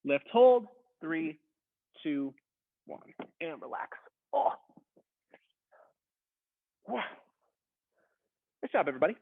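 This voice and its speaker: A man's voice: fairly high pitch, animated, slow pace, long pauses. A man instructing a beginner workout, coaching in a casual, encouraging way while straining through a plank. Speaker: fitness instructor. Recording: tinny phone-like sound.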